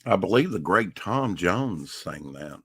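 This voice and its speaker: A man with a very deep, unhurried voice chats through a relaxed morning stream, now and then slipping into a low croon. The sound is dry and close, with no room around it. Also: breathy edge, dry recording. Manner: laid-back, croons and hums between remarks. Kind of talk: casual morning stream chat.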